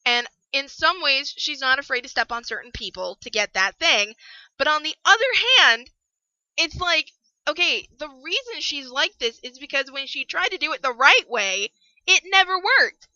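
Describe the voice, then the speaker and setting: A young woman with a high, very bright voice rants through a book review, swinging from mutters to outright yelling. The sound is dry and close, with a slightly dull, lo-fi edge from a home setup. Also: measured pace, dry recording. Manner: animated, ranting, bursts into yelling.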